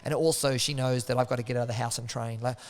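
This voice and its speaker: A man's voice: mid-range voice, fairly even intonation, quick pace. A man talks casually as a guest in an interview. He tells his stories animatedly, slipping into the voices of the people he quotes and laughing often. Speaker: interview guest, martial arts coach.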